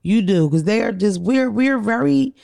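Animated high-voiced man. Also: moderate pace, gravelly. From Philadelphia. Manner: animated, joking, profane. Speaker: podcast co-host. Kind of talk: casual chat.

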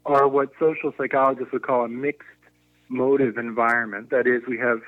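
A man's voice: medium pitch, steady tone, moderate pace, dry recording. Man explaining over a tinny line. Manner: thoughtful, explanatory, with frequent restarts. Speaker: guest, negotiation consultant. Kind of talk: conversational podcast interview. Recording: tinny phone-line audio.

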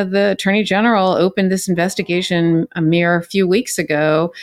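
A woman's voice: low-pitched, no echo, studio quality. A woman from California co-hosting a legal podcast as a former prosecutor, explaining cases conversationally with frequent fillers and "right?" tags. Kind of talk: casual legal podcast chat.

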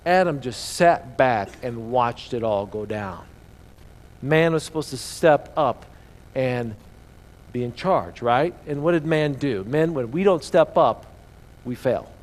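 A man's voice: mid-range voice, expressive, slow. A man preaching a sermon as pastor, emphatic and full of rhetorical questions to the congregation.

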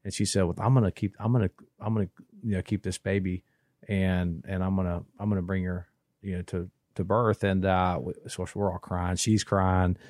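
A man, telling a long story in casual podcast chat, rambling and restarting, animated when he quotes people. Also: deep voice, normal speed, dry recording, studio quality. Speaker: podcast co-host.

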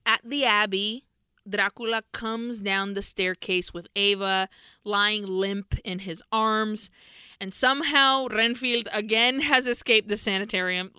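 A young woman co-hosting a podcast, casually recapping a movie scene by scene, animated and swearing freely. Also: mid-range voice, unhurried, clean tone, no room sound, studio quality. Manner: animated, swears freely, acts out characters' lines. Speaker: podcast co-host.

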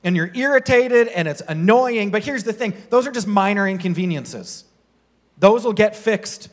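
A pastor giving a casual, conversational sermon, firing off rhetorical questions to the congregation. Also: male voice, sits high, expressive, normal speed.

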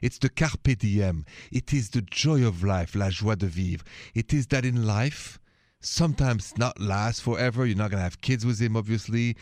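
A middle-aged man with a French accent hosts a call-in radio advice show, talking in a relaxed way and dropping French phrases into his English. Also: fairly low pitch, normal speed, no room sound. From France.

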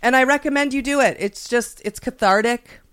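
Woman, comedian, high voice, profane, furious rants, rambling asides. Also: moderate pace, fairly bright tone. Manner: candid and rambling in chat. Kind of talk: comedic ranting monologue.

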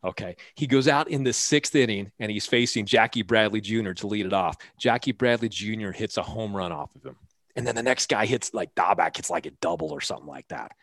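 Fast-talking male mental performance coach. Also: lowish voice, dry recording. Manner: lively anecdotes, quickly acting out both sides of dialogue. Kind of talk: storytelling interview answers.

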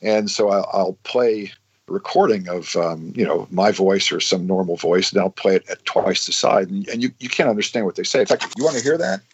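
A man's voice: deep voice, expressive, fairly quick, breathy edge. A man explaining science in casual podcast chat, with frequent restarts and fillers.

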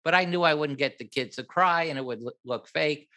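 An older man, a film director, telling a story in an interview, animated and acting out what others said. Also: a little high, brisk. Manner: animated, acts out other people's lines, laughs at his own story.

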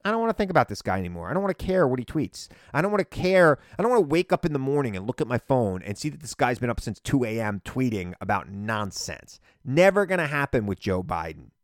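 A man hosting a political podcast, talking in an animated, emphatic solo monologue and repeating phrases for punch. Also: mid-range voice, quick pace, few pauses, dry recording, studio quality.

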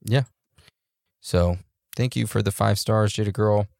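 A man co-hosting a podcast in a relaxed, joking way, reading out listener reviews with loose fillers and laughs. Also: lowish voice, measured pace, gravelly, no echo, clean studio sound. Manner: laid-back, laughs and jokes, loose fillers. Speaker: podcast co-host.

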